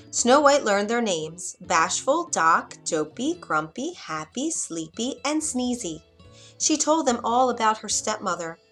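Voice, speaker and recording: A woman reading a fairy tale aloud in an expressive, dramatic storybook manner. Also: fairly high pitch.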